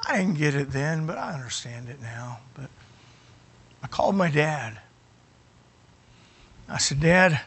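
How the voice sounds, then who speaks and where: A middle-aged man preaching as he tells his own testimony, with an emotional delivery that swings from near shouts to quiet moments and often restarts his phrases. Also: on the high side, creaky, slightly rough. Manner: emotional, rising to near shouting at climaxes, dropping quiet at others; repeats words and restarts phrases. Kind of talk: sermon storytelling.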